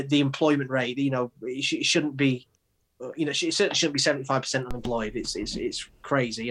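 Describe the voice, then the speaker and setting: A man in his forties with an English accent, a poet answering interview questions in a halting, earnest way with many restarts. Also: medium pitch, fairly bright tone. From England. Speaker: guest, poet. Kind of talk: conversational interview.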